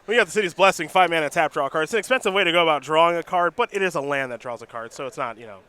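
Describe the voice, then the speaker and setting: A man giving live play-by-play commentary on a card game tournament, brisk and joking, now and then tripping over card names. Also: a little high, sharp tone, smooth.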